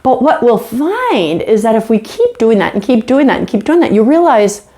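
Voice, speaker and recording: A middle-aged woman and college instructor giving a conversational lecture video, animated and chatty with self-mocking asides. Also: a little high, normal speed, slight background noise.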